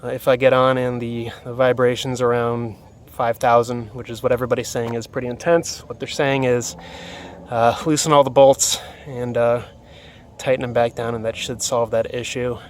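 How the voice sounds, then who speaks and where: Give me a man of middle pitch, out of breath in the heat, explaining a motorcycle install outdoors into a phone, with faint noise behind him. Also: moderate pace. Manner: relaxed, many fillers. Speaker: motorcycle vlogger. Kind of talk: casual how-to walkthrough. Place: outdoors beside a motorcycle in hot weather. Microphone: phone camera.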